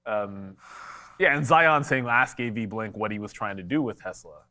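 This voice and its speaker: A man's voice: lowish voice, moderate pace, pushed and bright. A man co-hosting a live stock market show, giving blunt, conversational trading commentary and answering chat questions, a little congested from allergies.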